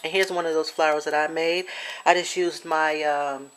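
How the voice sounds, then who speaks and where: A chatty woman with a lowish voice walks through her handmade craft piece in a casual show-and-tell. She searches for words with lots of fillers and restarts, now and then apologizing. Her tone stays homey and unscripted. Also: fairly even intonation, moderate pace, a bit bright, smooth. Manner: gets emotional and apologetic. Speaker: crafter showing a swap project.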